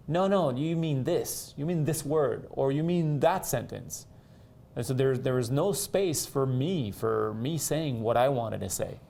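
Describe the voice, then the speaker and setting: A man whose first language is French, speaking haltingly with many restarts as he reflects in a conversation with his partner. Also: medium pitch, gravelly, a little mellow. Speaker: co-host.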